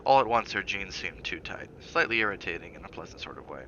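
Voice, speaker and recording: A man reading a novel aloud on a stream, with steady dramatic emphasis. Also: sits low, quick pace, lo-fi sound, background noise.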